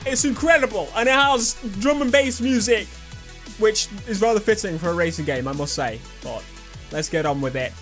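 A young man with a high voice chatters eagerly over his gameplay, joking and talking back at the screen. Faint game music plays underneath. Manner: excitable, chatty, jokey, talks back to the game. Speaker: gaming video host. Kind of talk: let's play commentary.

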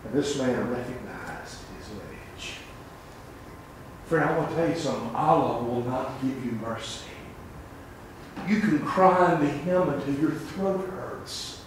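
A man preaching a revival sermon as an evangelist, swinging between shouted lines and hushed asides. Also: medium pitch, lively intonation, a little slow, far from the mic. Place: church sanctuary. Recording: echoey church sanctuary with faint room noise.

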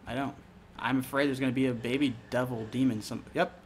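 A young man with a medium-pitched voice talks a little fast while commenting casually on a horror game he's playing. He swears a lot, is jumpy and excitable, and yelps when something startles him. Slight background noise is present.

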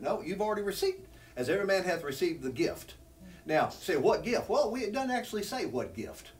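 During a sermon, a man works through scripture in an earnest, talky manner, rising whenever he pushes a point, as the congregation responds. His voice sits high with big pitch swings at a normal pace. The mic is distant, with slight background noise.

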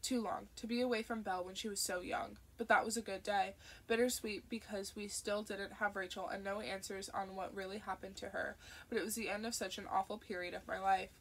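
A woman's voice: medium pitch, flat delivery, a little fast, close to an everyday voice. A woman voicing an emotional young father who speaks in an earnest, heartfelt way.

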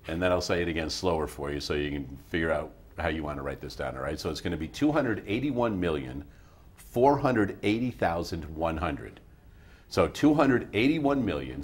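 A man hosting a math TV show from a studio, teaching in a patient, classroom style and checking in often with his listeners. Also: deep voice. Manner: patient, coaxing, checks in often with "all right?".

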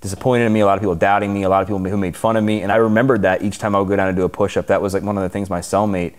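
A man's voice: sits low, level tone, racing. A man, a fitness coach, answering interview questions in an earnest, open way with lots of "like".

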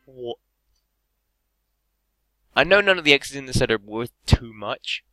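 Hyperactive young English man, lively pitch. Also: moderate pace, pauses often, very noisy. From England. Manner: hyperactive, swearing, laughing often. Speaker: card-opening YouTuber. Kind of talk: casual pack-opening commentary.

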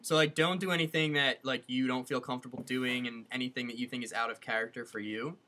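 A woman's voice: extremely low pitch, fairly even intonation, fast, sharp tone. Chatty young woman giving advice. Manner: chatty, earnest, says "like" often. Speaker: advice show co-host. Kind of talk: casual advice chat.

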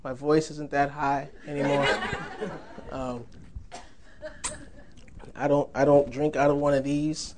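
A man's voice: fairly high pitch, little pitch movement, slow pace, pauses often, noisy background. A young man giving a sermon in a church, conversational and humorous, laughing often. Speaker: preacher.

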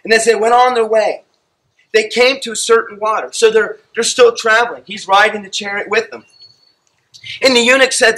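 Animated, bright-voiced preacher man. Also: high-pitched, normal speed, rough recording. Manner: animated storytelling, acting out scenes. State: out of breath. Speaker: pastor. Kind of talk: sermon.

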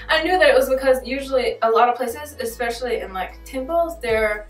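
A woman's voice: a little high, brisk, few pauses. A young woman vlogging in a casual, chatty way, full of joking asides and laughs. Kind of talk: casual vlog chat. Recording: echoey room, mic at a distance, faint music.

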